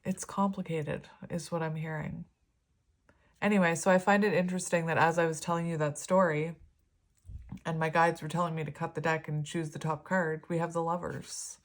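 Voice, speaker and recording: A young woman giving a casual, rambling tarot reading with big, expressive reactions. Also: low voice, moderate pace. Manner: chatty, rambling, expressive, laughs often. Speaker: tarot reader.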